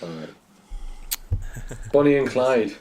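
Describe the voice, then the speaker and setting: A man with an ordinary mid-pitched voice trades quick jokes on a group podcast. Faint noise and clicks run under the talk. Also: animated, darkish tone. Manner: joking, quick quips. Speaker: podcast guest. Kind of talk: casual group chat.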